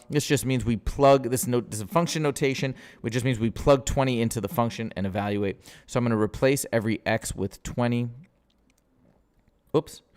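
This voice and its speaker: A man's voice: medium pitch, darkish tone. A man, tutoring math as he works through a timed test, casual and upbeat, thinking aloud. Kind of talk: live-streamed test walkthrough.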